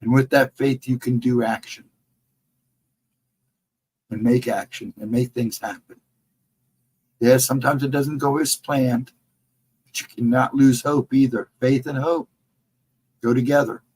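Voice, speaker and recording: A man's voice: medium pitch, steady tone, measured pace, long pauses, darkish tone, a little hiss or hum, low-quality recording. A middle-aged man co-hosting a casual livestream chat, talking in an earnest, encouraging way and repeating his advice. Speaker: livestream co-host.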